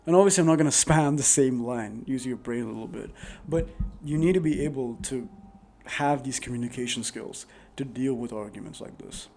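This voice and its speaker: A man talks to his viewers about handling arguments. His tone is warm and relaxed, and he speaks in an earnest, rambling way with plenty of "like" fillers. It sounds like a casual advice vlog recorded on a microphone. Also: mid-range voice, a little fast, vocal fry, hardly any pauses, slight background noise. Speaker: advice vlogger. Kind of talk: casual advice monologue to camera. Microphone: new dedicated microphone.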